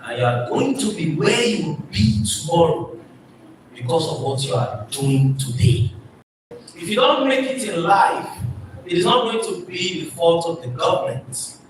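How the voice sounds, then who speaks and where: A man's voice: fairly high pitch, expressive, measured pace. A man giving a motivational speech to a live audience, preaching and firing rhetorical questions at the crowd. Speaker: motivational speaker. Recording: echoey hall from far off with noise.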